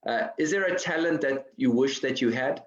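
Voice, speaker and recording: An interview host who asks short, brief questions and gives quick replies. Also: medium pitch, dull audio. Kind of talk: casual interview.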